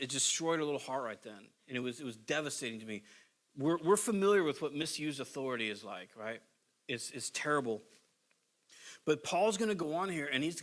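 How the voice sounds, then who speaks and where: A man's voice: on the high side, sharp tone. A middle-aged male pastor preaching a sermon in a conversational, storytelling way, acting out the quotes he tells.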